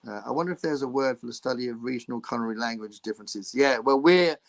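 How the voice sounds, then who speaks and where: This English podcast host talks at a quick pace in a creaky, mid-range voice during a casual video-call chat. Animated and chatty, he laughs often and keeps restarting what he's saying.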